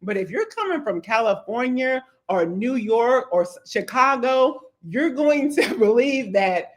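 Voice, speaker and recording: A woman's voice: a little high, animated, unhurried. A woman from Louisville, a real estate agent giving upbeat, chatty advice to people moving to her city. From Louisville, Kentucky. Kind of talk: casual advice vlog.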